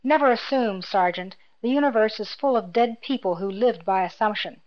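A cold, menacing male imperial officer, as a woman reads him, quiet and clipped, mocking the people before him with calm authority. The recording sounds a little dull and lo-fi, and the voice sits at a middling pitch. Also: normal speed, close to an everyday voice.

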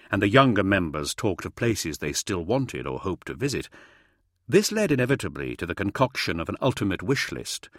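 A man reading a novel aloud as an audiobook narrator, in a measured, dramatic storytelling manner. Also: lowish voice, no echo, studio quality. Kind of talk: scripted narration.

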